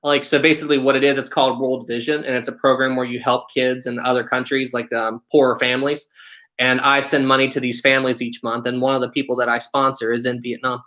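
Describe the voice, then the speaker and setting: A man's voice: mid-range voice, little pitch movement, fast, sharp tone. A man in his twenties with a West Virginia accent, hosting a casual live stream and answering chat. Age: 20s. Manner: friendly, repeats "really, really". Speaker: channel host.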